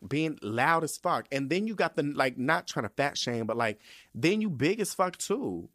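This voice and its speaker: A young man telling a story to his podcast audience in a casual, profane and animated rant. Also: a little high, moderate pace, no echo, studio quality. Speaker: podcast host.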